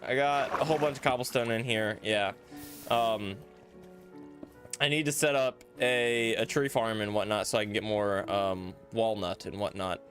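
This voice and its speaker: A man's voice: on the low side, steady tone, moderate pace, fairly bright tone, faint music behind. A man casually chatting and rambling with fillers while live streaming a game and greeting viewers. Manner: rambling, easygoing, many fillers.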